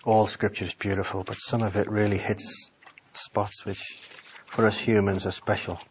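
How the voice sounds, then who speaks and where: A man preaching a Bible-study sermon in a small office meeting room. He reads scripture aloud and builds to fervent, loud exclamations. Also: on the low side, level tone, normal speed, a little hiss or hum, poor audio.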